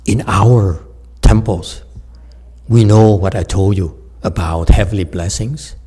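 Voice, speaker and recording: Husky, laughing Buddhist teacher, slow. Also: male voice, lowish voice, warm tone. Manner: jokey, laughs often, talks straight to listeners. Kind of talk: informal dharma talk with storytelling.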